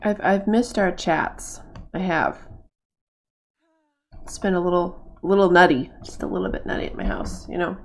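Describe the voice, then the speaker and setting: A woman from Massachusetts chatting casually while streaming a game, going high and excited over her game cats. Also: moderate pace, vocal fry, long pauses.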